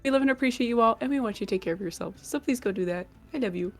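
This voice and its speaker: A woman's voice: a little high, rapid-fire, faint music behind. A woman hosting a live stream, chatting casually with her viewers in a bubbly, giggly, gushing way. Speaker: livestream host.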